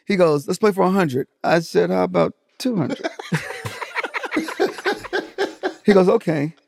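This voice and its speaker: A man's voice: high voice, a little slow, vocal fry, noisy background. A man telling a golf story with lots of swearing, acting out what everyone said in a casual podcast chat. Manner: animated, profane storyteller acting out quotes. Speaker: podcast guest, comedian.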